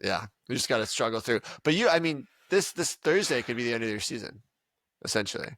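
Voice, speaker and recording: A man's voice: medium pitch, animated, fast, fairly bright tone, no room sound. A man hosting a casual sports podcast, rambling and often trailing off to restart his sentences. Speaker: podcast host.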